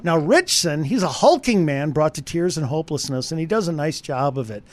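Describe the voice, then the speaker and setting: A man giving a conversational radio movie review, animated and speaking straight to the listeners. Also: fairly high pitch, a little fast.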